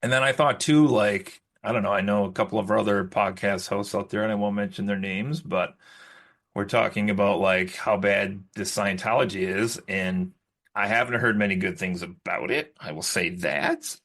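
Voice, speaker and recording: A man's voice: moderate pace, a bit bright. A man co-hosting a podcast in casual chat, rambling with lots of likes and restarts. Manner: rises high when mimicking others. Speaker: podcast co-host.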